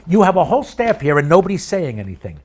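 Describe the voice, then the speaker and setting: A male actor guest on a comedy talk show, animated and grumbling, with a cold. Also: on the high side, fast. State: has a cold. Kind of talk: casual comedic chat.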